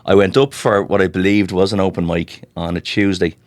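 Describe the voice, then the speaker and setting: A man's voice: sits low, steady tone, fairly quick, no room sound. A middle-aged Irish man, a guest comedian, telling rambling anecdotes in casual chat, full of restarts and "you know". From Ireland. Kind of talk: casual storytelling.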